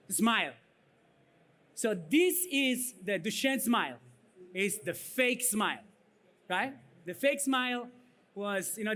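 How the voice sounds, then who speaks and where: A man's voice: sits high, a bit bright. A man with an Italian accent giving a blunt, punchy conference keynote, often ending points with "right?" or "okay?". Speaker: keynote speaker. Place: conference stage.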